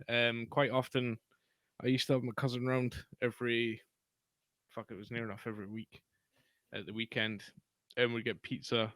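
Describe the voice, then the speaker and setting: A man's voice: mid-range voice, a bit bright, no echo. A man telling a story in a casual, sweary, rambling way on a podcast. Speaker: podcast co-host.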